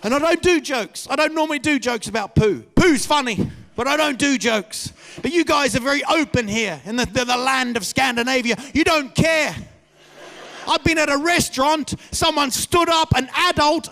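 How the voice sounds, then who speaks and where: A man doing a stand-up comedy routine on stage, telling stories and bursting into loud shouted impressions of the people in them. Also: extremely high pitch, moderate pace, gravelly. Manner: animated storyteller, mimics people with loud shouted voices. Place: comedy stage before a live audience.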